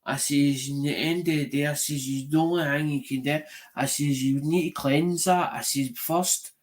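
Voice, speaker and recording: A man's voice: a little high, steady tone, normal speed. Rambling Scottish man telling stories. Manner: rambling storytelling with frequent "right?" and swearing. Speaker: live-stream show host. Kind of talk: casual chat.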